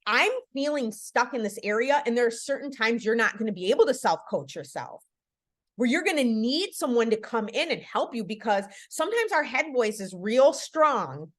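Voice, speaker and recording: Earnest higher-voiced woman podcast host. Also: big pitch swings, moderate pace. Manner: earnest, conversational, lots of "like" and "right?". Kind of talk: casual faith-based podcast talk.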